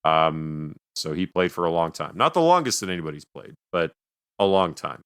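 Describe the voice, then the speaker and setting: Deep, bright-toned man chatting on a podcast. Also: sing-song, moderate pace, smooth, no room sound, studio quality. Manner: rambling, many fillers, laughs easily. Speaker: podcast co-host. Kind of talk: casual podcast chat.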